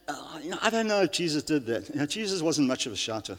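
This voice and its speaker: A man's voice: a little high, lively intonation, fast talker, hardly any pauses, fairly bright tone. A male pastor giving an earnest sermon, often restarting his sentences and using fillers. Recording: long reverb of a large hall.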